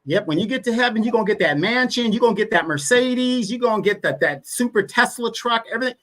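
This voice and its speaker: A man's voice: very high-pitched, animated, fast, few pauses, fairly bright tone. A man speaking as a guest on a live online talk show, emphatic and building his points through repetition. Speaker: guest commentator. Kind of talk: casual political talk.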